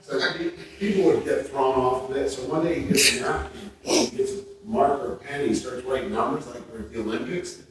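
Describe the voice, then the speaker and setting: A man on a convention memorial panel, telling animated stories with laughter and acting out what people said. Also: mid-range voice, a little fast, few pauses. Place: convention hall panel room. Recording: echoey hall, audience noise, distant mic.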